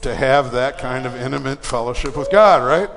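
A man's voice: mid-range voice, normal speed, creaky, in a large hall. A man preaching in church, telling a personal story in a casual, conversational way and acting out the voices in it. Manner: casual, conversational storytelling with fillers and animated quoted dialogue.

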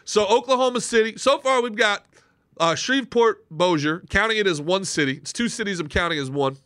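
A man's voice: high-pitched, lively intonation, a little fast, pushed and bright, no room sound, studio quality. A man hosting a podcast and chatting casually, rambling with restarts before landing emphatic lines. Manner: rambling, hesitant, with many restarts, then emphatic. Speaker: podcast host.

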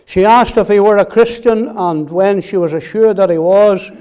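A man's voice: sits high, moderate pace, darkish tone, clear, resonant tone. A man preaching a sermon in an earnest way, repeating key phrases and putting direct questions to his listeners.

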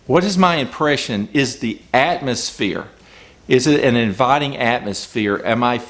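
A man coaching small business owners, talking emphatically and firing off rhetorical questions from the customer's point of view. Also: mid-range voice. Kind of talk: business advice talk.

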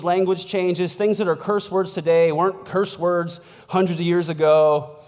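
In a church with a big-room sound, a pastor with a high voice gives a casual, conversational sermon. He's chatty and laughing, dropping "like" and "right?" as he goes.

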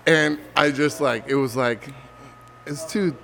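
A man's voice: a little high, slow pace, creaky. A man co-hosting a podcast, telling stories casually and swearing freely. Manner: relaxed storytelling with swearing. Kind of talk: casual chat.

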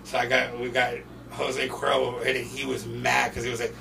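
A man from North Portland, a podcast guest, telling casual stories in an animated, profane way and acting out other people's voices. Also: mid-range voice, moderate pace, vocal fry. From North Portland, USA. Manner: animated, profane, laughing, acts out quoted voices. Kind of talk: casual storytelling. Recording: distant mic with steady background noise.

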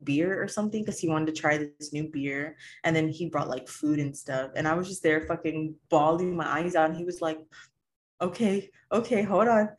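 Woman co-host with a very low voice, frank and rambling. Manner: rambling, many fillers and restarts, frank. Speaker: podcast co-host. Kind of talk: casual chat.

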